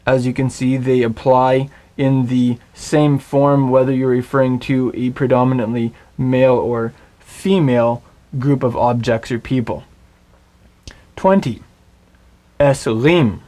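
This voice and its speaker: A man leads a recorded language lesson at an unhurried, deliberate pace. He speaks in a mid-range voice, patiently drilling each word so the viewer can follow and repeat. The sound is a close, clean voice-over. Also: medium pitch, steady tone, mellow. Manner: slow, patient drilling of words. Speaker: Hebrew teacher.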